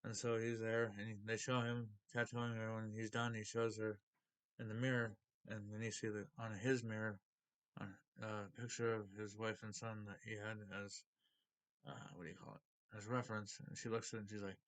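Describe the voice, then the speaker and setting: A man's voice: mid-range voice, flat delivery, brisk, fairly bright tone. Guy rambling thru a comic recap, lots of like and uh, easygoing middle voice. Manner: rambling, loose retelling with many "like" and "uh". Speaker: comic book video host. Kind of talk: casual story recap and unboxing.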